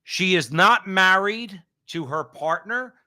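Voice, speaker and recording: Male co-host, fiery and preachy, bright tone, lively swings in pitch. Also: takes it slowly. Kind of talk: impassioned political commentary.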